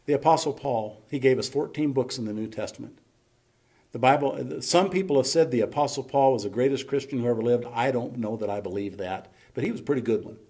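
A man preaching in a church with a gravelly, rough-edged voice at an ordinary pitch. He talks in a folksy, storytelling way and then drives his points home with loud, emphatic bursts. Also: brisk. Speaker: pastor. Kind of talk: sermon. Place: church sanctuary.

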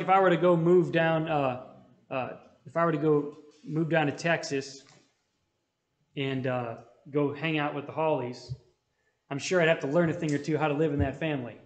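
A man's voice: on the high side, reverberant. A man leading a Bible study, talking conversationally and calling on his listeners for amens. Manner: conversational, asks the room for amens. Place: church hall.

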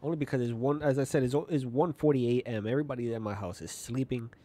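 A man's voice: medium pitch, quick pace, warm tone. A man with a mid-range voice talks casually over a video game. He is chatty and often trips over words while reading text aloud. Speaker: gaming YouTuber. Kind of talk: casual let's-play commentary. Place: small apartment at night.

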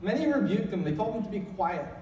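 A man's voice: sits high, sing-song, quick pace, dark tone, echoey room, long reverb tail, distant mic, a little hiss or hum, rough recording. A middle-aged man preaching a sermon in church, with a conversational storytelling manner that climbs into emphatic calls. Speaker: pastor. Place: church sanctuary.

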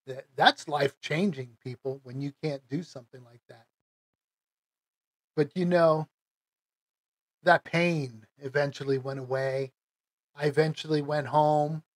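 A middle-aged American man tells a personal story to his viewers in a slow, emotional, halting way. His voice sits a bit high for a man and has a husky edge. The sound is dry and close, with no room around it. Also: steady tone, no room sound. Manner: emotional, halting, with many restarts. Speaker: vlogger.

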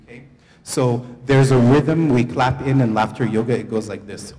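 A man's voice: mid-range voice, measured pace. A man leading a laughter yoga workshop for a live group, playful and coaxing, speaking into a handheld microphone. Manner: playful, upbeat, coaxing a crowd. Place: large hall before a live audience. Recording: echoey hall, faint crowd noise.

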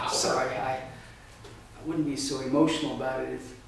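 A man's voice: medium pitch, slow pace. A man from Texas giving a humorous contest speech at a speaking workshop, with a theatrical, punchy alliterative delivery. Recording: echoey room from far off, faint noise.

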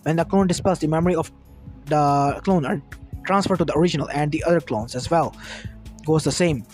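Guy reading fanfic out loud, kinda high voice, stumbles a bit, lofi beat behind. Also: a little fast. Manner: reads steadily with small stumbles and restarts. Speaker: narrator. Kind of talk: amateur fan fiction reading. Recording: music under the voice. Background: lofi background music.

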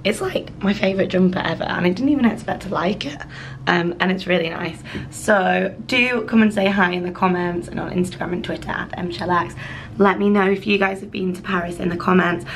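A woman vlogger with a cold-roughened, hoarse voice, chatting to camera in a rambling, apologetic way. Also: lowish voice, brisk, a little hiss or hum, low-quality recording. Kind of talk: casual vlog chat to camera.

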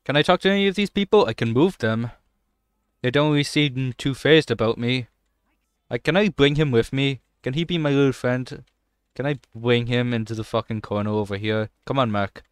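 Excitable young man, smooth voice. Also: medium pitch, moderate pace, dry recording, studio quality. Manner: excitable, swears often, jokey running commentary. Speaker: gaming channel host. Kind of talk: let's play commentary.

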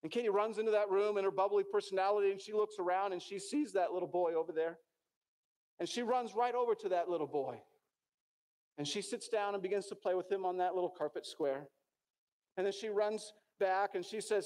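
A man's voice: high-pitched, brisk, a little mellow. A middle-aged man with an American accent, preaching a sermon in a church and telling stories earnestly, with many restarts. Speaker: pastor.

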